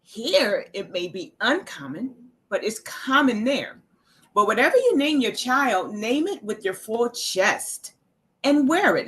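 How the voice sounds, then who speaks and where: A woman's voice: mid-range voice, expressive, moderate pace, fairly bright tone. Earnest woman guest on a panel chat. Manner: earnest, repeats words when starting. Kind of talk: casual panel discussion.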